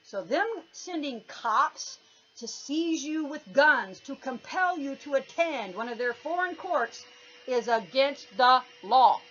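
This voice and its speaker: A woman's voice: sits high, animated, slow, fairly bright tone. A woman giving an emphatic, lecturing monologue, stressing her words. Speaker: commentator. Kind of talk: didactic monologue. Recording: dull lo-fi recording with faint noise.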